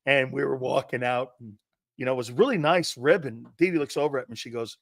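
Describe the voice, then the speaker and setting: An older man, a former college football player, co-hosting a sports talk show and telling stories with loud acted-out quotes and plenty of swearing. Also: mid-range voice, fast, creaky, no echo, clean studio sound. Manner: excitable, profane, acts out quotes loudly. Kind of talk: animated sports talk and storytelling.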